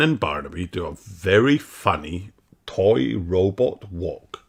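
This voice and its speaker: A man reading a children's story aloud, slow and expressive. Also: sits low, gravelly. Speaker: storybook reader. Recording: noisy home recording.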